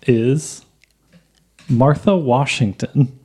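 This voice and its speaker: A man's voice: mid-range voice, drawn-out words, background noise. A man hosting a comedy impression game, upbeat and encouraging. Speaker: game host. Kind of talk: casual comedic banter.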